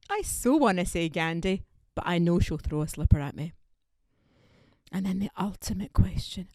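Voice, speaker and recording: A woman's voice: fairly low pitch, fairly quick, warm tone, no echo, clean studio sound. A woman from Scotland, performing a wry, punchy stand-up comedy set. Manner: wry, punchy delivery with quoted voices.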